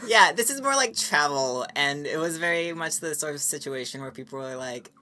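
Very low, bright-voiced woman chatting. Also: brisk, few pauses. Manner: animated, laughing, lots of fillers. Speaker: guest. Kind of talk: casual chat.

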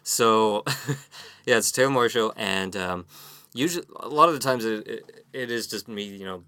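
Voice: mid-range voice, normal speed, bright, forceful tone. A podcast guest talking casually about their own show, hesitant and self-deprecating.

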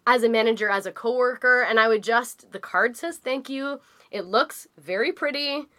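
Podcast co-host, young woman, bright slightly high voice, chatty and profane. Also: moderate pace. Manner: chatty storyteller, swears freely. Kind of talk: casual chat.

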